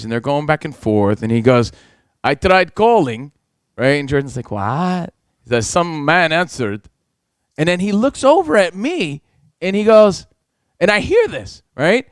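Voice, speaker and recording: A man's voice: a little high, a little slow, clean tone, no room sound. Guy co-hosting a radio show spinning a story, swears, acts out everyone, dry close sound. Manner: animated, acts out quotes, swears a lot. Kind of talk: casual storytelling chat.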